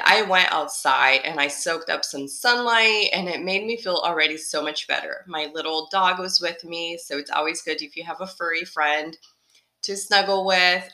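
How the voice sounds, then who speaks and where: A woman hosting her own motivational podcast, speaking in a somewhat low but bright, forceful voice. She is upbeat and encouraging, and she circles back to repeat her main points. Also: moderate pace. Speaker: podcast host.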